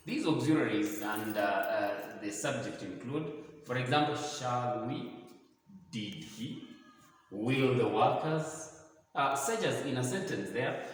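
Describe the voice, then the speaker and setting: Hesitant Kenyan English teacher, echoey room. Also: male voice, mid-range voice, lively intonation. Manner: hesitant, many filler "uh"s, slow careful reading of example sentences. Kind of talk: recorded grammar lesson. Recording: echoey room, voice from far off the mic.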